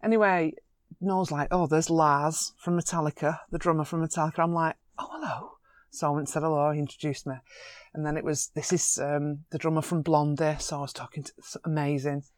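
Excitable woman photographer. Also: low-pitched, no room sound, studio quality. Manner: animated, excitable storyteller with quick laughs. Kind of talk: chatty anecdotes in an interview.

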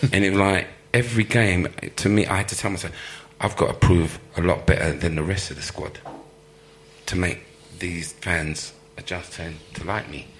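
A former footballer telling lively stories in an interview, laughing often and acting out the people he quotes. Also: sits low, moderate pace, slight background noise. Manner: animated storyteller, laughs often, acts out quoted voices. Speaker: former professional footballer, guest. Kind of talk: live storytelling interview.

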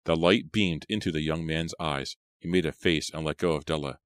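Very deep-voiced male audiobook narrator. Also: fairly even intonation, moderate pace, no echo. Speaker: audiobook reader. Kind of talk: scripted horror audiobook narration.

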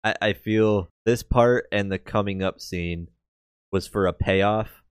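A man's voice: fairly low pitch, fairly even intonation, slow, smooth, no room sound, clean studio sound. A man co-hosting a podcast, chatting casually and making wry complaints about a film's logic. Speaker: podcast co-host. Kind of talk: casual movie chat.

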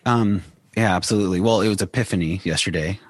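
Lower-voiced man, hesitant and searching. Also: fast, dry recording. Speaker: church member guest. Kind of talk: casual conversation.

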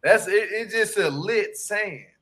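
A man, chatting casually with loud, laughing, slangy, animated storytelling. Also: high voice, slow. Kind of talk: casual joking chat.

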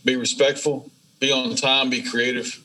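A man, a business owner being interviewed, telling stories in a casual, animated way and acting out the dialogue. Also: medium pitch, normal speed, slight background noise, low-quality recording. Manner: animated, acts out dialogue in storytelling. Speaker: welding business owner, guest. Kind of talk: casual storytelling.

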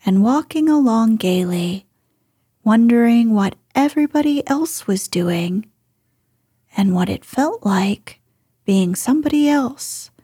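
A woman reading a children's story aloud as a soothing bedtime story, soft and hushed. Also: fairly high pitch, breathy edge, no room sound, clean studio sound.

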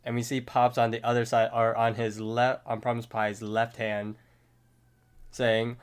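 A man's voice: mid-range voice, little pitch movement, a little slow, clear, resonant tone. A man co-hosting a podcast, steadily retelling a cartoon episode scene by scene in casual talk. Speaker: podcast co-host. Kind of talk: casual recap narration.

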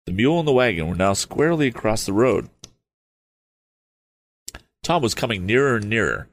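A man's voice: fairly low pitch, very animated, a little fast, pauses often. A man reading an old novel aloud, stopping for hesitant, apologetic asides. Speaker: audiobook reader.

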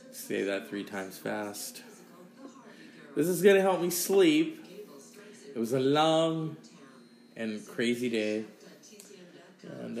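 Slow-talking profane podcast man, sore throat. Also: fairly low pitch, echoey room. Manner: rambling, profane, sighing between sips. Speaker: podcast host. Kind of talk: casual solo podcast rant.

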